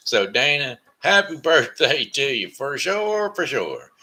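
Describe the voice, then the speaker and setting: A man's voice: medium pitch, sing-song, slow pace, hardly any pauses, sharp tone. A man hosting a casual live stream, folksy and rambling with sing-song asides. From Missouri. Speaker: host.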